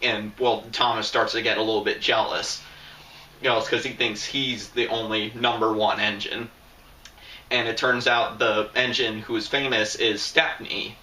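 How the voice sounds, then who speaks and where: A man's voice: lowish voice, level tone, normal speed, pushed and bright, a little hiss or hum, rough recording. A young man hosting a casual video, rambling through his review with lots of fillers and restarts. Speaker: video host. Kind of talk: casual toy show-and-tell review.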